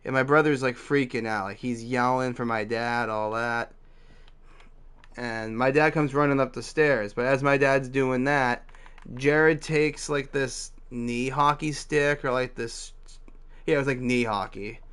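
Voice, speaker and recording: A man's voice: mid-range voice, steady tone, a little slow, fairly bright tone, smooth. A young man telling a story from his teens in a loose, casual way, full of fillers and swearing. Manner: loose and profane, heavy "like" fillers.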